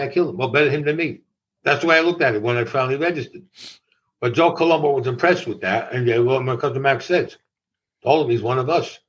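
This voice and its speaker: A man's voice: medium pitch, a bit bright. Older man telling a story. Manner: matter-of-fact, acts out others' lines. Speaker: interview guest. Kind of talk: recounting a personal story. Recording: dull lo-fi audio.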